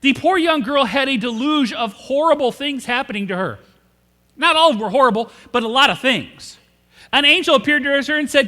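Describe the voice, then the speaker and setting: High, bright-voiced male preacher. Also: animated, moderate pace, big-room sound. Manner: humorous storytelling, acts out quoted characters; asks the congregation questions. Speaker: pastor. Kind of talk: sermon. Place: church sanctuary.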